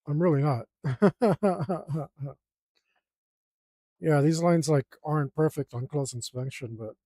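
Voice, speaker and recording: A man's voice: on the high side, dark tone, dry recording, studio quality. A young man inking a drawing, casually muttering and criticizing his own lines as he works. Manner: self-critical, mutters to himself while drawing. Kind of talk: casual work-along commentary.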